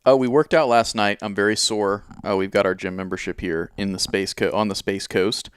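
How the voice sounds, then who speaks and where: A male co-host in casual chat, relaxed and a little wry. His voice is very low and smooth, and it is recorded dry and close. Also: normal speed, dry recording.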